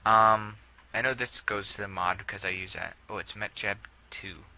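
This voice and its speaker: A man's voice: fairly low pitch, steady tone, normal speed, sharp tone, poor audio. A young man casually talking through a game build, rambling with many fillers and self-corrections. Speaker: gameplay video creator.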